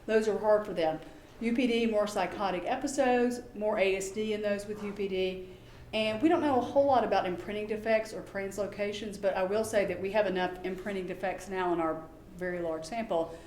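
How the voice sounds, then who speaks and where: A middle-aged woman giving a lecture as a behavior specialist, lively and acting out quoted exchanges in voices. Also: medium pitch, fairly quick, a little hiss or hum. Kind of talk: conference lecture. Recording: echoey room, faint background ambience.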